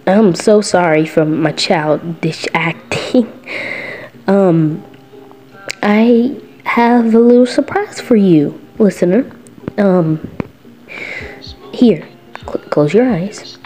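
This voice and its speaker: A woman's voice: medium pitch, slow pace, pauses often, dark tone, faint music behind. A woman casually narrating a fan role-play story, chatty and giggly with many fillers and self-corrections.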